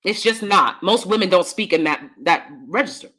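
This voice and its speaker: An American woman hosting a casual livestream and reading chat, animated and blunt, swinging between a high voice and a deep one, with laughing asides. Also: moderate pace. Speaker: host.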